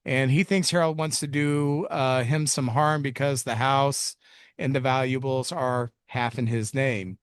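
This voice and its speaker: A man's voice: mid-range voice, fairly even intonation, unhurried, smooth, no echo, studio quality. A man co-hosting a film review podcast, recapping the plot in a rambling, jokey way with self-mocking asides. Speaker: podcast co-host reviewing films. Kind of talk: casual chat recapping a movie plot.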